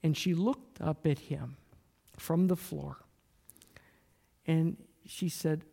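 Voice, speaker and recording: Male preacher, sermon storytelling, slow earnest delivery, gravelly voice. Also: fairly high pitch, fairly even intonation, warm tone. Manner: slow and earnest, drops to a near-whisper at times.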